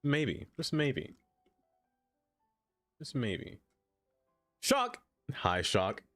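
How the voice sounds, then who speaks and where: A man's voice: mid-range voice, huge pitch swings, very slow, fairly bright tone, faint music behind. A man streaming a game, chatting casually, laughing often and talking to the objects he builds. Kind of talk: casual live-stream chat.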